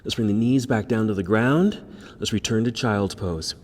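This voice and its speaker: Calm low-voiced male yoga instructor. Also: normal speed, big-room sound. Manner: calm, encouraging cues with breath prompts. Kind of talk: guided yoga class instruction. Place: yoga studio.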